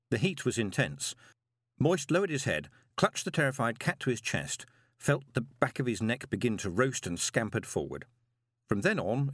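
A man reading a novel aloud as an audiobook narrator, dramatic and expressive with drawn-out pauses. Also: medium pitch, no echo. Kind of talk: scripted narration. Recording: dry close studio recording.

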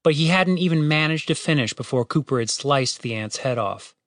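A man narrating a fantasy audiobook in a steady, wry storytelling way, with casual swearing. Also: fairly high pitch, brisk, no room sound, studio quality.

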